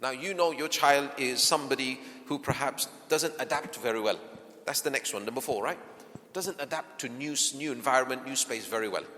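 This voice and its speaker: A man's voice: mid-range voice, a little fast. A man giving a parenting workshop in a mosque hall, often asking his audience rhetorical questions. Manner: softens into gentle acted lines to a child. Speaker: workshop speaker. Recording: long hall reverb.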